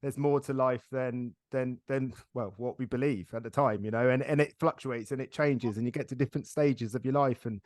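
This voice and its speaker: A middle-aged man hosting a casual interview podcast, chatty and quick to laugh as he tells stories. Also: mid-range voice, fairly even intonation, a little mellow, no room sound, studio quality. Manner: chatty, laughs often, storytelling. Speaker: podcast host.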